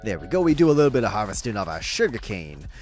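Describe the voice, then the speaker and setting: A man streaming a video game live, joking and rambling through drawn-out gags into a desk microphone. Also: lowish voice, sing-song, darkish tone, soft background music.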